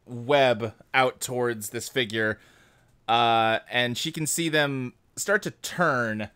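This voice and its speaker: A man's voice: mid-range voice, fairly bright tone, clear, resonant tone. A man narrating as game master of a tabletop game in a laid-back way, with lots of fillers.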